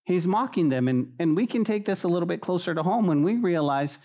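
A man preaching an evening Bible study as pastor, conversational and animated, often calling listeners "guys". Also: a little fast. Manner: animated, acts out mocking voices with high pitch. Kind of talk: sermon.

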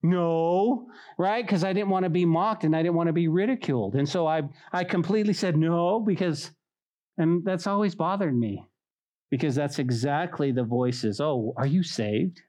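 A man's voice: fairly high pitch, moderate pace. A man preaching a sermon as a pastor, telling stories and acting out mocking voices. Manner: animated, acts out mocking voices.

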